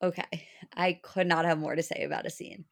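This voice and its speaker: A woman co-hosting a casual recap chat, earnest and opinionated, with a measured delivery. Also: fairly low pitch, fairly even intonation, gravelly. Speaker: podcast co-host.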